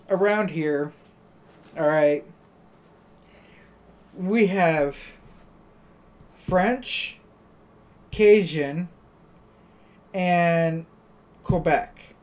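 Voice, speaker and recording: An American woman streamer with a lowish, slightly mellow voice talks extremely slowly, pausing often. Chatting casually on a live stream, she tells stories that include quoted back-and-forth exchanges.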